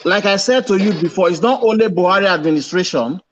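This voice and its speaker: A man with a high voice argues in an online debate. He is insistent and circles back over his words whenever someone cuts in. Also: lively intonation, fast, lo-fi sound, a little hiss or hum. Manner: insistent, repeats himself when interrupted. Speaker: panel participant.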